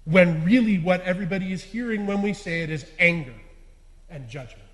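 A fairly high-voiced man preaches in an earnest, confessional way, leaning hard on key words and letting sentence ends fall quiet. His voice rings through a church hall with a long, echoing reverb. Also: a little fast. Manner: earnest, confessional, swinging between loud stresses and quiet endings. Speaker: lay preacher. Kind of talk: sermon.

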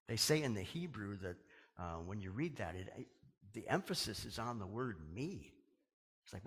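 A male pastor preaching a sermon, swinging from raised, urgent lines down to hushed, drawn-out quoted words. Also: mid-range voice, big pitch swings, breathy edge. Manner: dramatic preaching, dropping to a hush on quoted words. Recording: long hall reverb.

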